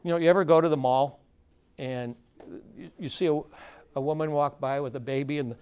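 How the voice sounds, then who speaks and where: A man's voice: on the high side, fairly even intonation, brisk, a little mellow, smooth. A man facilitating a conference workshop, talking informally to a live audience with plenty of fillers and restarts and questions thrown to the room. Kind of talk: conversational lecture to a live audience.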